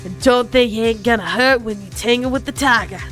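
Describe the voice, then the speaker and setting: A woman voicing a brash, tough-talking mobster loan shark, attempting a gruff Brooklyn drawl. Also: on the high side, fairly quick, fairly bright tone, faint music behind, lightly acted. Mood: menacing.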